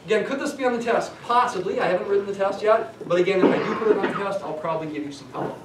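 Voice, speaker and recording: A man's voice: high-pitched, very fast, background noise. A middle-aged man teaching a statistics class, chatty and digressive with dry humor. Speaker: statistics lecturer. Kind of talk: classroom lecture. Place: lecture classroom. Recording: echoey classroom from a distance.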